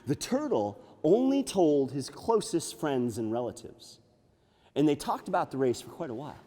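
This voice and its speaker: A man working as a nature museum storyteller, telling an animated, playful tale to children with sound effects. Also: a little high, moderate pace. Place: library room. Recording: echoey hall.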